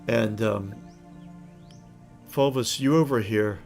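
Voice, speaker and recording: Low-voiced game master narrating a tabletop scene. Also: male voice, slow pace, darkish tone, soft background music.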